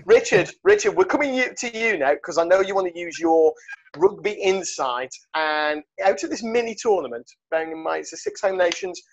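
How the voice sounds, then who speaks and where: A man's voice: high-pitched, animated, fairly quick. A man hosting a rugby podcast, joking and rambling with lots of fillers. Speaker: podcast host. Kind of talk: casual rugby chat. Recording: dull lo-fi sound.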